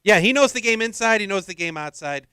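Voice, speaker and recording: A brash Boston sports fan, as a man puts the accent on, talking high and bouncing all over the place. The tone is bright and crisp, with a gruff, snappish edge. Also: expressive, quick pace, dry recording, clean studio sound, full character voice. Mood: swaggering. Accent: put-on Boston. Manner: gruff, snaps back at teasing. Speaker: co-host.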